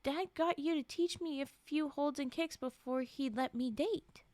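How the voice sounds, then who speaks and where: A woman's voice: sits high, unhurried, a little mellow, dry recording. A woman voicing a confused, earnest young woman in custody, asking pleading, insistent questions.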